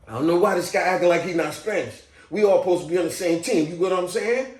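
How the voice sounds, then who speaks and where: A man vlogging an animated personal story, laughing and jumping into loud, excited outbursts when quoting himself. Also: fairly high pitch, fast talker. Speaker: video creator telling a personal story. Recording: roomy echo, from off the mic.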